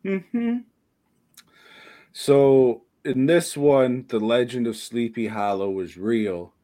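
A man's voice: medium pitch, lively intonation, slow, warm tone. A man co-hosting a horror podcast, talking casually with lots of swearing and laughter. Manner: profane, laughing, rambling. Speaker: podcast co-host. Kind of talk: casual chat.

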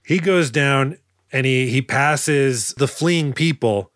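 A man's voice: medium pitch, slow, a bit bright, no room sound, studio quality. A man co-hosting a casual movie podcast, joking and acting out lines in silly voices. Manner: jokey, acts out movie lines in goofy voices. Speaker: podcast co-host.

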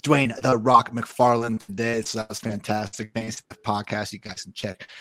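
A man's voice: lowish voice, steady tone, normal speed, a bit bright, no echo. A man appearing as a guest on a casual podcast, laid back and rambling, with plenty of "man" and "you know.". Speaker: podcast guest, fantasy football analyst.

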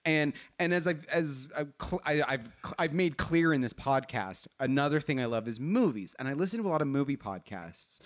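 A man's voice: on the high side, lively intonation, fairly quick, hardly any pauses. A man co-hosting a podcast, talking earnestly and laughing often. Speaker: podcast co-host. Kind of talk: casual chat.

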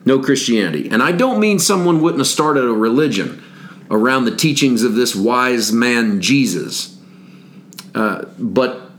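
Man preaching a conversational sermon. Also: mid-range voice. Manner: conversational, builds with repeated phrases. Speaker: pastor. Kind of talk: sermon teaching series.

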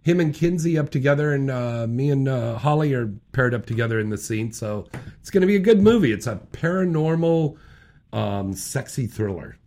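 Joking talk radio host, lively pitch. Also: male voice, moderate pace, slight background noise. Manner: loose, joking, laughs often. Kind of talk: casual talk radio chat.

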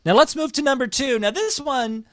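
A man's voice: very high voice, moderate pace, fairly bright tone, dry recording. A man co-hosting a casual wrestling chat, telling stories with enthusiasm as he counts down a list. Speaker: wrestling podcast co-host.

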